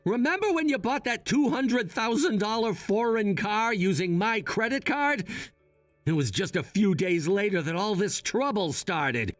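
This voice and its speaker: A man voicing a calm, calculating young adult son who speaks in a matter-of-fact, quietly scheming way. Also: sits high, a little slow, no echo, faint music behind.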